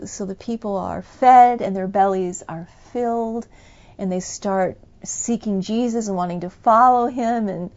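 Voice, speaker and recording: A woman preaching a sermon in a fervent, emphatic way, breaking into loud bursts. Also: medium pitch, creaky, highs cut off.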